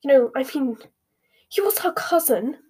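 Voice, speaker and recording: A woman's voice: sits high, lively intonation, normal speed, warm tone, voice pushed up. A woman voicing an earnest, indignant, clever teenage girl witch.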